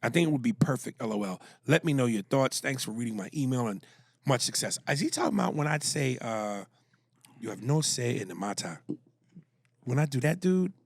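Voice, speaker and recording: Gravelly male podcast host, lively delivery, husky, dry mic. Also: mid-range voice, quick pace, no echo. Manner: animated, reads emails aloud, jokes in voices. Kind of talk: casual podcast banter.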